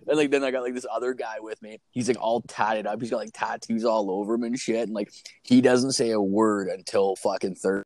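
A man's voice: on the low side, fairly even intonation, fairly quick, darkish tone, no echo. A young man chatting casually on a podcast, telling profane, rambling stories about his work. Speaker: podcast co-host. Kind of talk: casual chat.

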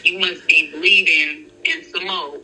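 A woman's voice: fairly low pitch, measured pace, slightly rough, low-quality recording. A young adult woman hosting a podcast, chatting casually and asking probing questions. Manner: relaxed, conversational, asks probing questions. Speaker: podcast host. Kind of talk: casual chat.

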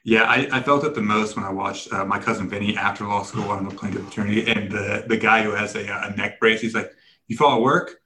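A man's voice: lowish voice, fairly even intonation, fast, few pauses, bright, forceful tone. A man hosting a casual podcast interview, loose and laughing easily as he talks. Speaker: podcast host, plaintiff attorney.

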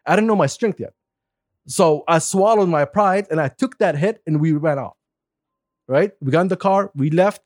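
A man in his forties from Saudi Arabia telling a story in casual chat, animated, laughing often and swearing freely. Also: fairly high pitch, moderate pace, no echo, studio quality. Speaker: guest.

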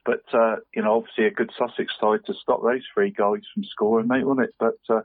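A man's voice: lowish voice, little pitch movement, brisk, no echo. Man saying "mate" on a tinny line. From Cornwall. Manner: says "mate" constantly, rambling with restarts. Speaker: podcast co-host. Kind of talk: casual football chat. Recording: dry, tinny phone-like line.

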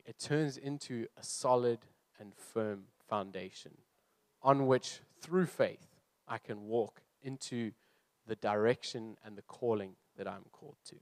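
A man's voice: medium pitch, dry recording. A young man who is a youth leader, preaching earnestly and reading scripture aloud before explaining his points. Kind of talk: sermon.

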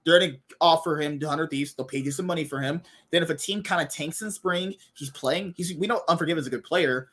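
A man's voice: a little high, fast, hardly any pauses, fairly bright tone. A man co-hosting an esports podcast, giving emphatic, opinionated takes in casual chat. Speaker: podcast co-host.

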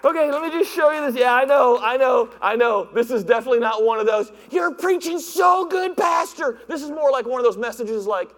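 Guy preaching, pretty high voice, lively, acts out voices, church reverb. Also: fast talker, few pauses, faint music behind. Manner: animated, acts out voices, laughs at own jokes. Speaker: pastor. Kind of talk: sermon. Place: church sanctuary. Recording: long hall reverb.

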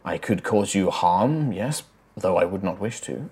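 A man voicing a gentle spirit that possesses a character, speaking faintly and solemnly. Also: sits low, expressive, a little slow, slightly rough, pitched below the performer's own voice, exaggerated voice. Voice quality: faint, subdued.

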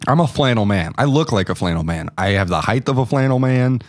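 A man's voice: medium pitch, lively intonation, brisk, a little mellow, no room sound, clean studio sound. A man co-hosting a podcast, telling self-deprecating stories in casual, rambling chat. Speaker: podcast co-host.

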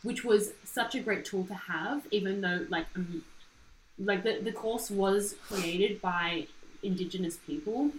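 A young Australian woman talking thoughtfully in a podcast chat, pausing to find her words. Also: mid-range voice. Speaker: podcast guest. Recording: roomy with faint noise.

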